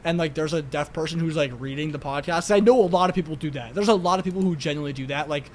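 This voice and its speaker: A man's voice: fairly high pitch, quick pace, a little hiss or hum. A young man with a New York accent, chatting casually as a podcast co-host, rambling and swearing with lots of filler words. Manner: rambling, profane, heavy use of "like".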